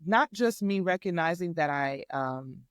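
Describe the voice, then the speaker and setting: A woman guest on a podcast, a life coach, telling a faith testimony in an animated, emphatic way and acting out the dialogue. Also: fairly low pitch, measured pace, smooth, no echo, studio quality. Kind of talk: faith testimony storytelling in casual chat.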